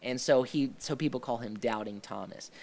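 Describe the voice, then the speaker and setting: A man hosting a relaxed live discussion, his voice carrying a gravelly edge at a middle pitch. He talks haltingly, with frequent fillers and restarts, yet sounds eager about what he describes. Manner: hesitant, many restarts and fillers; enthusiastic about the scenes he describes. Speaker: host of a faith discussion show.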